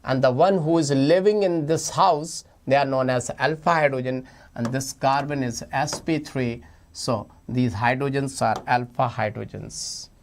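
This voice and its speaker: A man teaching chemistry for an exam in a playful, animated lecture, often repeating his phrases. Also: medium pitch, measured pace. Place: online class recording.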